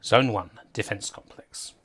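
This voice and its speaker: A man's voice: fairly low pitch, measured pace, fairly bright tone, slightly rough. Chatty man streaming games. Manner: rambling, chatty, laughs often, talks to chat. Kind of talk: casual gaming livestream commentary.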